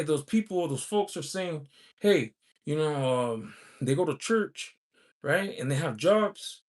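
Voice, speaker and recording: A man hosting a casual livestream, rambling with many fillers as he reads chat comments aloud. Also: on the high side. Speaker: livestream host reading chat.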